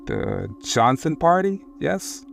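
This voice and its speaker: A man voicing a large, formal male resort concierge who speaks slowly and politely in a spoken horror story. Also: on the high side, big pitch swings, creaky, faint music behind, pitched above the performer's own voice, full character voice. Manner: slow, formal, measured.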